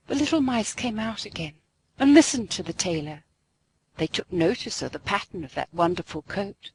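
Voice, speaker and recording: A woman narrating a classic storybook aloud in an expressive, sing-song way. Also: mid-range voice, moderate pace, breathy edge, no room sound, rough recording.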